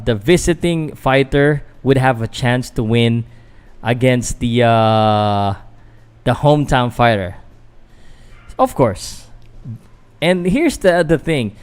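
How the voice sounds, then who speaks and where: A man's voice: medium pitch, clear, resonant tone. A Filipino man, a boxing vlogger doing casual live fight commentary, chatting loosely to viewers with fillers and restarts. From Philippines.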